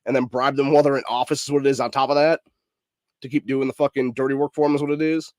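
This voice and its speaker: A man's voice: mid-range voice, flat delivery, fast talker, a little mellow, no room sound. A man from hosting a political commentary show, ranting angrily and swearing constantly, with "dude" at every turn. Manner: angry, profane, repeats "dude". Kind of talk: ranting commentary over news clips.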